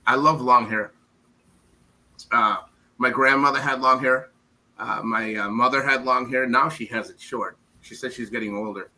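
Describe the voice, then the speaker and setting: A man from the United States answers interview questions in a loose, rambling way. His voice is very bright and forward, and he trips over repeated words. Now and then he mimics others in quick bits. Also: medium pitch, fairly even intonation, low-quality recording. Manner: rambling, repeats words, acts out quoted women. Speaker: interview guest. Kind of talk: casual interview.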